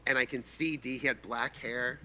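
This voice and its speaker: A man in his forties from the Boston area, a guest filmmaker telling a lively, profane anecdote and acting out the voices in it. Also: mid-range voice, normal speed, slight background noise. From Boston area, USA. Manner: animated, profane, acts out voices in his stories. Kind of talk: casual storytelling anecdote.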